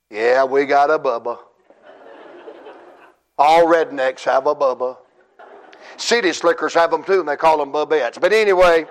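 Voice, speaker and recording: Preaching revival at a church conference, a middle-aged man with a mid-range voice cries out and shouts in mounting bursts. He also leans on folksy, self-mocking humor.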